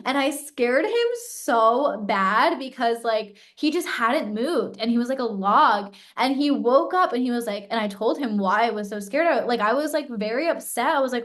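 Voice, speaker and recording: A woman's voice: on the high side, moderate pace, hardly any pauses, fairly bright tone. A young woman co-hosting a podcast in casual chat, talking with lots of "like" fillers and acting out what others said. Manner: chatty, many "like" fillers, acts out quoted voices. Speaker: podcast co-host.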